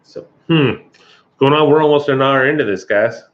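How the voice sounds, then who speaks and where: A man's voice: medium pitch, moderate pace. A middle-aged man, hosting a casual livestream chat, chuckling and greeting viewers by name, with an occasional cough. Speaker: livestream host. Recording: dull lo-fi stream audio.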